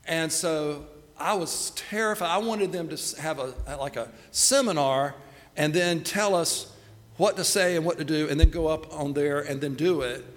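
A man's voice: fairly high pitch, normal speed. A middle-aged man telling a self-deprecating story in a sermon. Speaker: pastor. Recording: long hall reverb.

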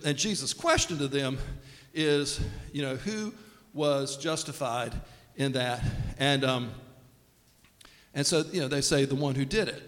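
Recorded with the long reverb of a church sanctuary, a pastor with a fairly high, fairly bright voice preaches a lighthearted, conversational sermon. He voices the people he quotes for comic effect.

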